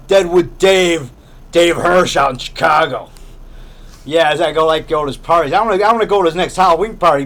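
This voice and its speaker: A middle-aged man talks casually to a camera a friend holds, in a grocery store. His voice sits a bit higher than most men's. He drifts from point to point, repeats himself and keeps adding "man". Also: fairly bright tone. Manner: rambling, repeats himself, says "man" a lot. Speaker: low-budget filmmaker and video blogger. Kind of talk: casual rambling vlog chat. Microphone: handheld camera held by a friend.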